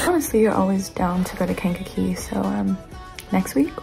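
A woman's voice: medium pitch, lively intonation, normal speed, vocal fry, soft background music. A woman in her twenties recording a heartfelt birthday message for a friend, affectionate and a bit embarrassed.

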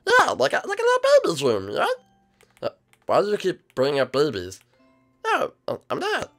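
A man voicing an eager, carefree male dinosaur in a high, squeaky, bouncy voice for a game role-play. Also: huge pitch swings, normal speed, a bit bright, soft background music, exaggerated voice. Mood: innocent.

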